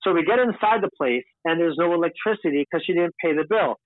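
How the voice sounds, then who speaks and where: A man's voice: a little high, quick pace, dry recording. Male podcast guest from Long Island, candid rambling storyteller, dry tinny audio. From Long Island, New York. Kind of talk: casual storytelling. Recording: tinny, dry phone-like sound.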